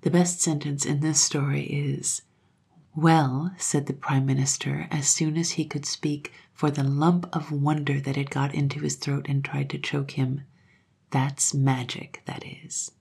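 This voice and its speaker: A woman reading a classic children's story aloud as a storyteller, soft and often half-whispered. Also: sits low, level tone, normal speed, gravelly, hardly any pauses, husky.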